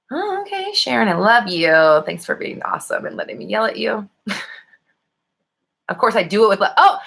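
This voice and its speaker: A young woman runs a casual live manifesting stream, reading viewers' comments aloud and coaching them with playful scolding and lots of laughter. Her mid-range voice is bright and forceful.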